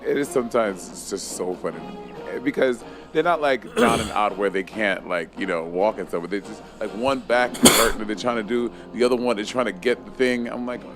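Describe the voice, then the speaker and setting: A man in his thirties with a lowish voice chats casually as a co-host. He tells rambling stories and swears freely. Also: a little fast, few pauses, over music. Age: 30s. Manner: chatty storyteller, swears freely. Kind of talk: casual chat.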